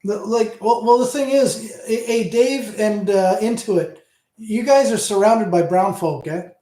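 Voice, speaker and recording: A tipsy man in his fifties with a Canadian accent hosts a loose livestream chat, rambling and swearing as he goes. His voice sits fairly high yet sounds warm and mellow. The room around him is echoey. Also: a little slow. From Hamilton, Ontario, Canada. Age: 50s. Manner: rambling, profane, chatty. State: tipsy from drinking. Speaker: livestream host. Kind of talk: casual livestream chat with viewers.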